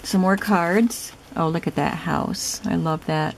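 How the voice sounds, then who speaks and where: A woman casually narrating a show-and-tell of a handmade journal, soft, chatty and admiring as she thinks aloud. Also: lowish voice, steady tone, takes it slowly, gravelly, a little hiss or hum, low-quality recording. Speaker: craft vlogger showing a gifted journal.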